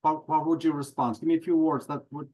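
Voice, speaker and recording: A middle-aged Irish man, a professional speaker, telling stories as a podcast guest in a lively, joking way. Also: a little high, quick pace, poor audio. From Ireland. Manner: animated, jokey, acts out audience reactions. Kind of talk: conversational interview, storytelling.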